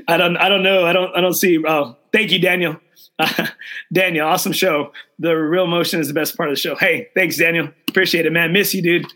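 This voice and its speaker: A middle-aged male host with a high, bright, forceful voice. He talks with open emotion and enthusiasm, circling back and repeating his points as he goes. His delivery is casual and heartfelt. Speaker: golf show host. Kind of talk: casual chat, live show sign-off.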